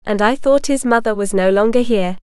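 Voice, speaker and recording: Woman reading bewildered adult man, incredulous, exasperated, smooth, dry close sound. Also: fairly high pitch, fairly quick, darkish tone, no echo, lightly acted.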